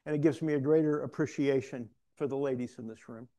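A man's voice: medium pitch, fairly even intonation, fast, dark tone. A man, a preacher, giving a candid testimony to a room, storytelling with self-deprecating humor. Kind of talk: testimony sermon. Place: room with an audience.

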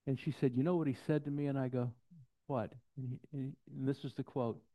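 A man's voice: mid-range voice, a little fast. Man preaching a storytelling sermon. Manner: storytelling, animated quotes, drops to soft intensity. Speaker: pastor. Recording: dull lo-fi sound.

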